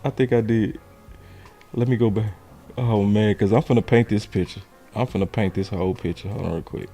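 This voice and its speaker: A man hosting a casual sports show, breaking down game film and shouting key words. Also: fairly low pitch, brisk, soft background music. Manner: animated, shouts key words, talks to his audience.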